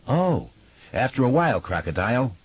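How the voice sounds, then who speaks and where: A man's voice: medium pitch, very animated, moderate pace, slightly rough, dry recording, dull audio, voice pushed up. A man voicing a shy, earnest eleven-year-old boy who talks plainly, in an audiobook.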